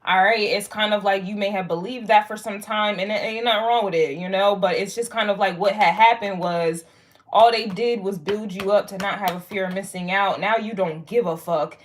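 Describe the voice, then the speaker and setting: A young woman giving a casual spoken astrology reading to viewers, rambling and frank, swearing freely and filling pauses with "like" and "um". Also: medium pitch, fairly even intonation. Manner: rambling, frank and profane, lots of fillers. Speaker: tarot and astrology reader.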